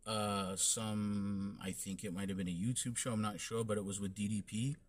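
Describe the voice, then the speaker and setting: A man's voice: fairly low pitch, steady tone, normal speed. Male host, casual solo wrestling review; loose, rambling delivery full of fillers. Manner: rambling, many fillers and restarts.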